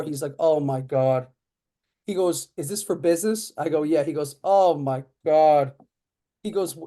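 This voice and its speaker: Man in his thirties telling stories. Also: fairly high pitch. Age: 30s. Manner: animated, acts out quoted dialogue; frequent fillers like "uh" and "like". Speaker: podcast guest, lawyer. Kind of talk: casual storytelling.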